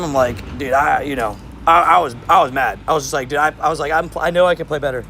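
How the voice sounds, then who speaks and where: A young man streaming, telling sports stories in a casual, animated way, laughing and repeating himself. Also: fairly high pitch, fast, slight background noise. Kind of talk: casual livestream storytelling.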